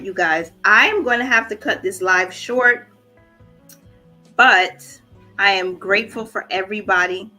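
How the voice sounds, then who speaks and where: Female budgeting host on a casual livestream, bright tone, emotional, holding back tears, faint music underneath. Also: medium pitch. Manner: warm, encouraging, reads viewer comments aloud. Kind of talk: casual livestream chat with viewers.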